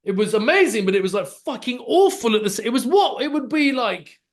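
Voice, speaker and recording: Animated storytelling man in his forties. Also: extremely high pitch, a little fast. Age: 40s. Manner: animated storytelling, swings between loud bursts and mumbled asides, swears freely. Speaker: podcast co-host. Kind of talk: casual chat.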